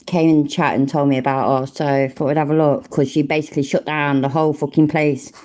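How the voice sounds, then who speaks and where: A woman's voice: low-pitched, level tone, fast talker, darkish tone. A woman hosting a commentary channel, blunt, sweary and sarcastic in casual reaction talk.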